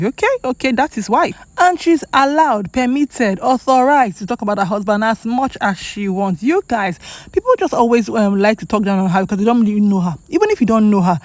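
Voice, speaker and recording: A woman's voice: a little high, fairly quick, a little mellow, no room sound. Chatty Nigerian woman vlogger, dry sound. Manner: chatty, emphatic, repeats for effect. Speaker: celebrity gossip vlogger. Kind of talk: casual commentary to camera.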